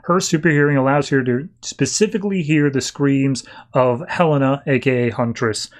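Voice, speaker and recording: A man hosting a podcast who recaps comic issues in a casual, chatty way. His voice sits at a middle pitch for a man, and he keeps dropping "like" as he goes. He talks in a relaxed, off-the-cuff manner. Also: moderate pace. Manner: loose and chatty, frequent "like". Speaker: podcast host.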